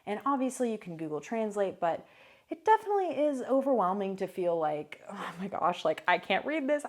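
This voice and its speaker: Her voice sits on the low side with a darkish tone as this young vlogger talks casually to the camera in her new apartment. She rambles chattily, full of fillers and asides.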